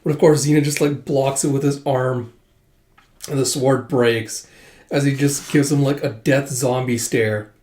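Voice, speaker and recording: A man with a mellow, dark voice talks his way through a manga volume. He reads the characters' lines aloud with sudden jumps in energy, filling the gaps with lots of "like" and "uh". The sound has a roomy echo around it. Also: mid-range voice, a little slow. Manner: animated, voices characters in bursts, many fillers. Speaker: manga reader. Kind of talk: casual manga readthrough, reading lines aloud.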